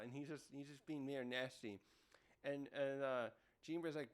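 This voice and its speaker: Rambling man reviewing comics, smooth voice. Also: mid-range voice, fairly even intonation, moderate pace. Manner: rambling, thinking aloud with frequent self-corrections. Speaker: manga reviewer. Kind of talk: casual chapter review.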